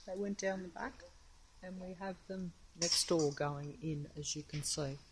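Speaking in an unhurried, low-leaning voice, an Australian woman gives casual commentary while filming on her mobile phone. She's outside on a windy, rainy street, and her talk is hesitant, wandering and cautious.

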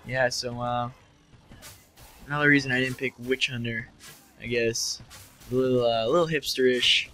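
Bright-voiced young man riffing on a game. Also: medium pitch, fairly even intonation, moderate pace, pauses often, faint music behind, rough recording. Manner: joking, sarcastic, mocks game characters. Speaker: let's play commentator. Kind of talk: casual gameplay commentary.

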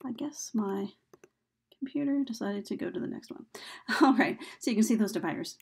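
A woman talks through a recorded video lesson in a relaxed, chatty way, filling gaps with ums and uhs as she explains. Her voice is husky with a gravelly, creaky edge. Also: medium pitch, moderate pace. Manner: casual, chatty explaining with frequent fillers. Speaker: teacher.

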